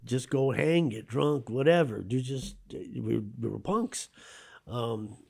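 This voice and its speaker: A man in his fifties, a guest author on a radio interview, telling stories from his past in an animated, conversational way. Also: medium pitch, takes it slowly, creaky, breathy edge.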